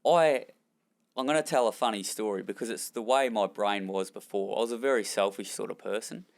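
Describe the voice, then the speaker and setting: A man's voice: fairly low pitch, brisk. Australian man telling stories candidly. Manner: rambling, self-deprecating, chuckles while telling stories. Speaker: former jockey and trainer, guest. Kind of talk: candid storytelling in a podcast interview.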